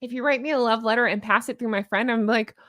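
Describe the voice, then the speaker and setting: A woman's voice: fairly high pitch, fairly even intonation, fast, a bit bright, dry recording, clean studio sound. A woman hosting a casual livestream, chatting and joking with viewers. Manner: chatty, jokey, greets viewers. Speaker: host of a commentary channel.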